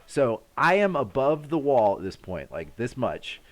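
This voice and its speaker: A man in his thirties hosting a live stream, casually telling a story to his chat and acting out sounds and shouts along the way. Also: medium pitch, unhurried. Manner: animated, acts out sounds and his own shouts.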